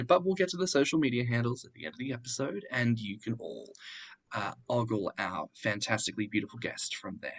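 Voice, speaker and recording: A man co-hosting a podcast, asking the guest questions in a playful, teasing way. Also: medium pitch. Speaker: podcast co-host.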